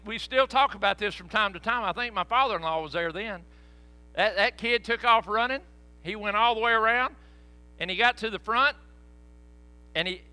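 A middle-aged man preaches to his congregation with folksy stories and laughing asides. His voice sits high and swings widely, with a bright, forceful edge. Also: dry recording. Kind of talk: storytelling sermon. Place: church sanctuary.

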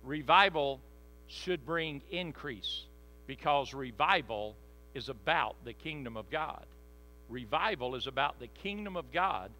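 A man's voice: mid-range voice, lively intonation, measured pace, bright, forceful tone, rough recording. A man preaching a sermon as pastor, reading scripture dramatically and speaking straight to his congregation.

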